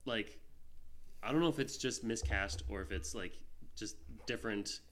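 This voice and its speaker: A man's voice: fairly low pitch, normal speed, fairly bright tone. Rambling male podcast co-host. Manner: rambling, full of "like" and restarts. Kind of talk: casual film-review chat.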